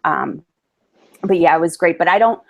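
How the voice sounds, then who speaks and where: Lower-voiced woman guest in an interview. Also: moderate pace, vocal fry. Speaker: guest, book promotion company owner. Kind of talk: casual interview talk.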